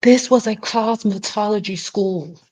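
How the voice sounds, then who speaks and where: In a casual vlog, a cosmetologist addresses her viewers directly as y'all, speaking bluntly and emphatically and cursing freely. Her voice is medium in pitch and dark in tone, and she talks a little slowly.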